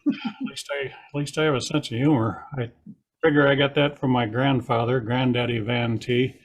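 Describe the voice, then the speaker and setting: A man's voice: mid-range voice, steady tone, moderate pace. An older man doing a dry, self-deprecating stand-up set over a video call. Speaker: stand-up comedian.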